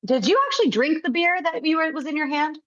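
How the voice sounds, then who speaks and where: A woman's voice: sits high, quick pace, fairly bright tone, muffled recording. A woman in her thirties co-hosting a casual podcast chat, candid and easygoing, often giggling. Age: 30s. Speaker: podcast co-host.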